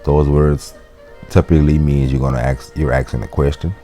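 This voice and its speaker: A man's voice: rumbling low, level tone, normal speed, warm tone, faint music behind. A man teaching a casual language lesson, explaining loosely with fillers and restarts. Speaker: Latin teacher.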